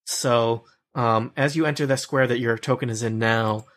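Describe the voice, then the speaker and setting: A man running a tabletop role-playing game as game master, relaxed, laughing often and talking with many fillers. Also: mid-range voice, normal speed.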